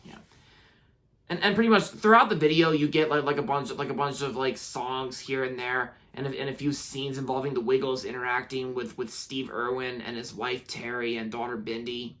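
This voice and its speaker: A man's voice: medium pitch, fairly even intonation, moderate pace, a bit bright. A young man from the United States giving a casual spoken video review. He rambles, restarts his sentences often and leans on filler words.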